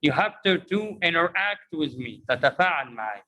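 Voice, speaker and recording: A man's voice: fairly high pitch, sing-song, brisk, bright, forceful tone, rough recording. A man teaching English pronunciation, drilling phrases and asking learners to repeat after him, mixing in Arabic explanations. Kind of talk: interactive language lesson.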